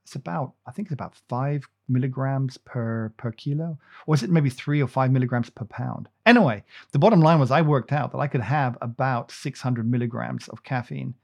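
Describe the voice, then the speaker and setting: A man's voice: medium pitch, fairly quick, gravelly, few pauses, darkish tone. A man hosting a casual chat, rambling with many restarts and playful teasing. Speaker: podcast host.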